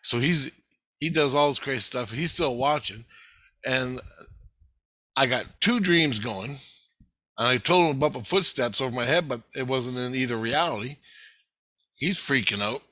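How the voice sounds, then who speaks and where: Brief: excitable, foul-mouthed man vlogging, crisp forceful tone, dry close sound. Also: mid-range voice, moderate pace, pauses often, no room sound. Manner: profane, rambling, excitable. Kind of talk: casual storytelling.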